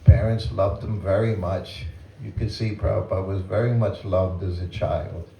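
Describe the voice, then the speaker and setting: An older man speaks in a somewhat low voice, recalling stories with gentle chuckles as he gives a talk at a temple. His voice rings around a roomy hall, and faint ambient noise sits underneath. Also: steady tone, normal speed, creaky, distant mic. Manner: gentle, chuckling anecdotal delivery. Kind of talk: reminiscing storytelling talk.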